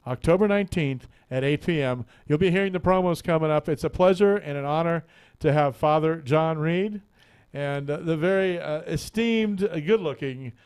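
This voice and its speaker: Male radio host, slightly high voice, talkative and loose, studio mic. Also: moderate pace, darkish tone, clear, resonant tone. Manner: chatty and rambling, laughs often, repeats words. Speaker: radio talk show host. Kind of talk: casual on-air chat, telling a joke.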